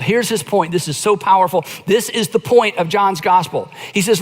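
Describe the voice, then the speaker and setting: A middle-aged male pastor preaching a conversational sermon, slowing down to dramatize quoted lines. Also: high voice, fairly bright tone, long reverb tail. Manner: conversational preaching, acts out quoted lines with slow emphatic phrasing.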